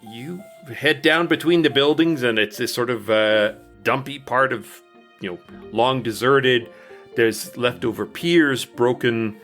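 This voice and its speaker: A man narrating a tabletop game as dungeon master, in slow, descriptive turns. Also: mid-range voice, a bit bright, soft background music.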